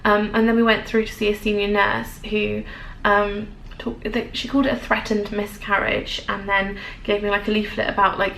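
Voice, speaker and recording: A woman's voice: mid-range voice, flat delivery, normal speed, gravelly, a bit bright. A young English woman telling a personal story to camera in a hesitant, emotional way, with many fillers and restarts. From England. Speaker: vlogger. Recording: echoey room, faint noise.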